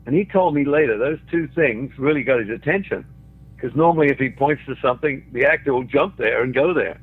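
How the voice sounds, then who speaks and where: A man's voice: medium pitch, fairly quick, breathy edge. An older man from Australia, a guest telling anecdotes with chuckles along the way. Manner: chuckles through his own stories. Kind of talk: anecdotal storytelling. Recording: tinny phone line.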